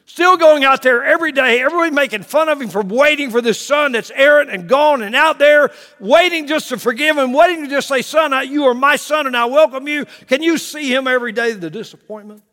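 A man preaching and telling a story, swinging from loud to hushed with chuckling asides. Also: extremely high pitch, fairly quick, few pauses, big-room sound. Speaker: pastor. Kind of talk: sermon storytelling. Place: church.

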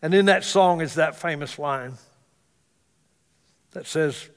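A male pastor preaching a sermon in a church, swinging between loud exclamations and hushed asides. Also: fairly high pitch, slow, long pauses, clean tone. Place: church sanctuary. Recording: reverberant church hall.

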